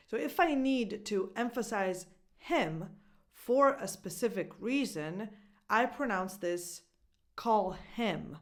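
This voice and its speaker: A woman, a native Italian speaker, teaching English pronunciation and carefully demonstrating phrases for listeners to repeat. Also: mid-range voice. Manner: clear, deliberate demonstrations with repeat-after-me drills. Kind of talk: pronunciation lesson.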